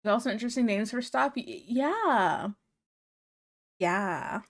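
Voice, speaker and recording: A woman streamer chatting casually while she draws, frank, teasing and quick to giggle. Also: a little high, animated. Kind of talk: casual chat while drawing.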